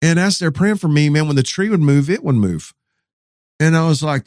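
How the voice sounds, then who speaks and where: A man's voice: a little high, moderate pace, darkish tone, no room sound, studio quality. A middle-aged man, a pastor, telling a story in casual, slangy podcast talk.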